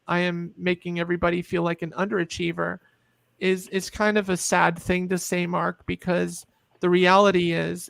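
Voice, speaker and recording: Gravelly woman telling a personal story. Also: lowish voice, dry recording. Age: middle-aged. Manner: animated storyteller, acts out quoted voices. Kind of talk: emotional personal story in a group video chat.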